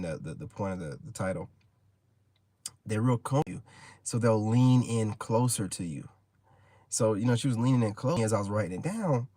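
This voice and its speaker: A man's voice: on the low side, mellow, no echo. A man in his forties, a content creator, telling a casual story in a rambling, slangy way full of "you know what I mean.". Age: 40s.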